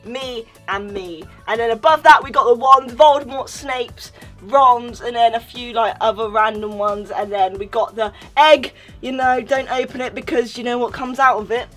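A woman's voice: a little high, normal speed, faint music behind. A woman giving a playful room tour of her bedroom, jokey and giddy, now and then breathless. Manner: giddy, jokey, shifts into excited squeals. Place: bedroom, indoors.

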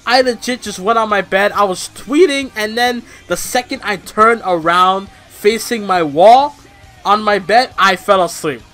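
A man's voice: sits high, unhurried, faint music behind. A man giving a casual wrestling review, rambling and swearing and ranting with energy. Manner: rambling, profane, animated ranting.

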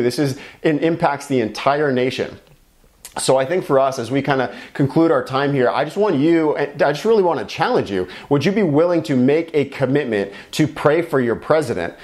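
A man's voice: mid-range voice, a little mellow. Earnest man giving a short devotional. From United States. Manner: earnest, encouraging, conversational preaching. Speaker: pastor.

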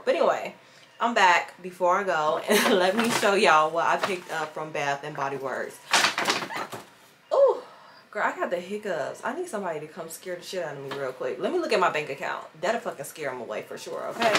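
A woman's voice: medium pitch, lively intonation, brisk, fairly bright tone, a little hiss or hum. A young adult woman vlogger, chatting casually and sassily to her viewers. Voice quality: sassy, chatty, lots of "girl" and "baby". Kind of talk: casual chat to camera. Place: at home, voiceover then sitting at a table.

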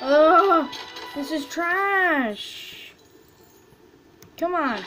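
A woman casually commenting as she opens loot boxes in a video game, excitable and quick to chant names and squeal over items. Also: high-pitched, faint music behind, poor audio. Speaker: gaming video host.

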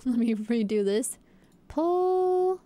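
A woman's voice: fairly high pitch, animated, a little slow, darkish tone. A young woman streamer chatting casually and playfully, guessing aloud and talking to her viewers. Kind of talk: casual live-stream chat.

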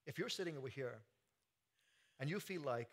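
A man preaching a sermon, swinging from quiet, joking asides to loud, soaring climaxes. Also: fairly high pitch, expressive, moderate pace. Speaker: pastor. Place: church sanctuary.

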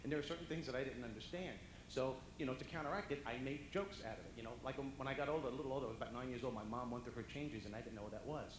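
A male comedian telling animated stand-up stories to a dinner audience, often jumping into loud character voices. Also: medium pitch, very fast, hardly any pauses. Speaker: comedian and motivational speaker. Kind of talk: stand-up storytelling. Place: banquet hall before a dinner audience. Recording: echoey hall with audience noise.

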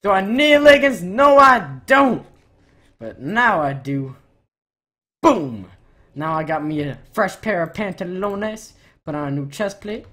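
A woman gamer narrating her own play in a loose, profanity-heavy running commentary. She rants and bursts into loud, excited shouts, then drops back to muttering, at a middle pitch for a woman. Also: a little slow. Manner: excitable ranting, swears a lot, loud outbursts.

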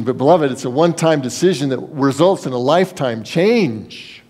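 Guy preaching, earnest, chatty sermon, mid pitch. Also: a little fast, hardly any pauses, mellow. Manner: earnest, conversational preaching with folksy asides and a told joke. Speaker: pastor.

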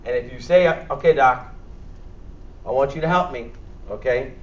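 Speaking at a medium pitch and moderate pace, this Bronx-accented man leads a health workshop in a church hall, trading blunt talk and jokes with the people in front of him. There's slight background noise, and the echoey room makes him sound far off and muffled.

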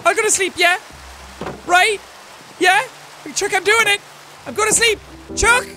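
A man giving excitable let's play commentary, swinging from yelling outbursts to low mutters. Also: measured pace. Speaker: gameplay commentator.

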